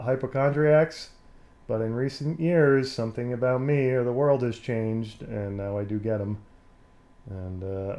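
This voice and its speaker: A man's voice: medium pitch, warm tone. A man hosting his own live stream from home, rambling casually with lots of fillers, his voice a bit scratchy and nasal from allergies. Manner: rambling, self-deprecating, many fillers. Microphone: desk mic.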